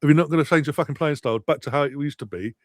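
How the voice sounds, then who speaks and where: A man's voice: a little high, rapid-fire, no room sound. A man, ranting bitterly and sarcastically about his football team's play. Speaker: football fan co-host. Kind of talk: angry live match watchalong rant.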